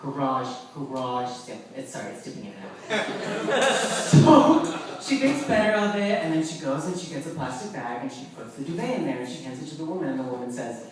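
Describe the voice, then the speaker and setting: A man from Long Island telling a comic story on stage, wry and animated with self-mocking asides. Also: fairly high pitch, fairly quick, crowd noise. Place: live performance venue with audience. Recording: echoey room, far from the mic, audience laughter.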